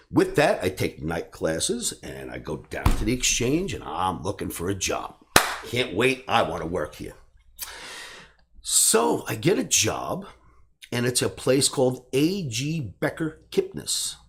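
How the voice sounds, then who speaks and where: Older guy spinning a yarn about his start, voice swings way up and down, gets loud and shouty on the dramatic bits. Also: a little high, normal speed, slight background noise. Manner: animated, bursts into shouting when acting out scenes. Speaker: trading educator. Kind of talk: personal storytelling.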